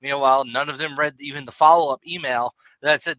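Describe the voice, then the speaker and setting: A man co-hosting a casual tech podcast, talking in long, animated rambles and laughing often. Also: medium pitch, a little fast, no room sound, low-quality recording. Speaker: podcast co-host.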